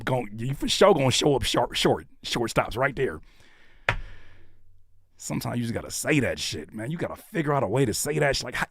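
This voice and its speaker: An American man giving live reactions to viewer music, joking and blunt, swinging between shouts and low mutters. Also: no room sound, clean studio sound. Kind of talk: animated live reaction commentary.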